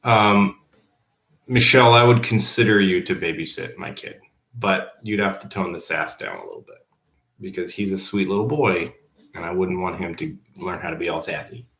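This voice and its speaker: A man's voice: deep voice, a little fast, creaky, a bit bright. A male teacher on a casual livestream at home, reading viewer comments aloud and answering them offhandedly. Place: at home, below the baby's room. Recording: roomy echo.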